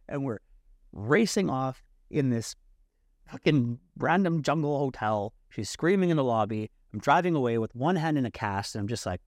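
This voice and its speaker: A man telling a wild personal story as a podcast guest, animated and profane, leaning on "like" a lot. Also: mid-range voice, quick pace, no echo, clean studio sound. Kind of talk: casual storytelling.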